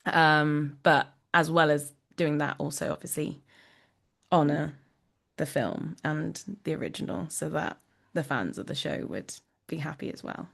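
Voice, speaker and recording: A young woman musical theatre actor chatting in an interview, talkative and quick to laugh, with lots of fillers. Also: deep voice, vocal fry, a bit bright. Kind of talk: casual interview chat.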